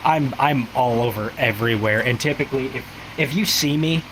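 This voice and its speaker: A man chats casually and rambles through a long story, stacking up fillers and acting out what everyone said. His voice sits at an ordinary pitch. A steady hum of noise runs underneath him. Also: normal speed. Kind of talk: casual chat.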